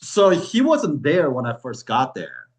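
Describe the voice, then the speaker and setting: A man tells a story in a loose, casual way, and his pitch leaps around as he acts out what other people said. His voice sits in a middle register. He swears now and then and keeps the telling relaxed and chatty. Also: measured pace, poor audio. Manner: animated, swears, acts out quoted voices with big pitch jumps. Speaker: wine club host.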